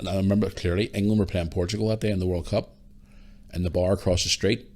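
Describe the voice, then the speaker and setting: A man's voice: lowish voice, a little mellow. A Northern Irish man hosting a podcast, telling a long anecdote casually and swearing freely. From Northern Ireland. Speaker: podcast host. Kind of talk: casual storytelling.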